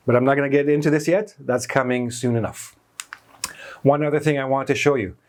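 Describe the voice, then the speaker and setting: A man's voice: medium pitch, a little fast, a little mellow. A man teaching English grammar in a whiteboard lesson, explaining each example step by step, stressing key words and correcting himself mid-sentence.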